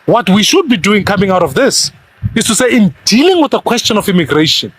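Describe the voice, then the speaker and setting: A man's voice: sits high, very animated, fairly quick, fairly bright tone, husky, no room sound. A man from South Africa arguing his view emphatically in a television panel discussion. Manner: emphatic, argumentative.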